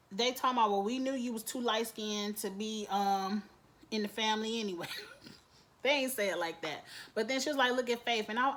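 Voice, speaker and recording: A TV recap reviewer, a woman with a slightly high voice, gives a casual, opinionated rundown of a TV drama. She's sassy and animated, mimicking the characters along the way.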